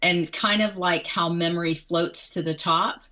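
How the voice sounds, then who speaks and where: Low-voiced woman, musing author guest. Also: steady tone, pushed and bright. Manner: thoughtful, musing, unhurried. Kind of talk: reflective interview conversation.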